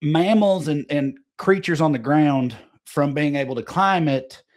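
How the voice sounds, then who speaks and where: A man's voice: on the high side, a little slow. A man co-hosting a comedy podcast, explaining things in a rambling, profane, casual way. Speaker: podcast co-host.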